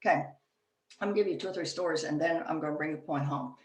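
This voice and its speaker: A woman's voice: low-pitched, fast talker. Woman, leadership talk, chatty storytelling, lots of fillers, roomy echo. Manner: conversational, storytelling with frequent fillers. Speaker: chapter meeting presenter. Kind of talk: workplace leadership presentation. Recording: echoey room, distant from mic.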